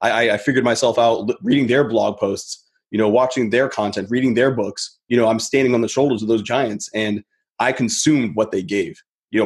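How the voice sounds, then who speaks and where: A man who is a podcast guest, talking in a reflective, rambling way and often circling back on his thoughts. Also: on the low side. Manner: rambling, reflective, many "you know" fillers and restarts. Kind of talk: casual podcast conversation.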